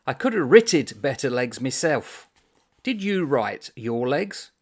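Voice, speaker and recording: A man voicing an indignant young soldier from a novel, loud and aggrieved as he complains. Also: huge pitch swings, drawn-out words, gravelly, exaggerated voice. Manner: loud, aggrieved, raised pitch.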